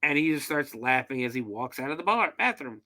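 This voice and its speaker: A man's voice: medium pitch, very animated, a little fast, bright, forceful tone. A man hosting a podcast, recapping a film in casual, profane storytelling with loose fillers. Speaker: podcast host.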